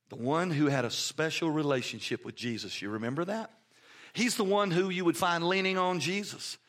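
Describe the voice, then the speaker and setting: A man preaching a sermon, telling stories with feeling and swinging from hushed to loud. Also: on the high side. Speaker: pastor.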